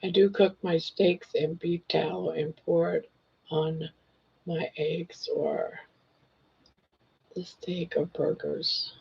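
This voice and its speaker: An older woman hosting a casual livestream chat, reading viewer comments in a gentle, reassuring way while hoarse from losing her voice. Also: sits low, level tone, slow, pauses often. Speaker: livestream host. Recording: dull lo-fi livestream audio.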